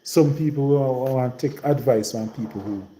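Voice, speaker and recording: Dark-voiced man with Trelawny Jamaican patois. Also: mid-range voice, moderate pace, roomy sound, a little hiss or hum, poor audio. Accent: rural Trelawny Jamaican patois. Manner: rambling and repetitive, in heavy patois. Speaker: live-stream host. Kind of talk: casual live-stream monologue.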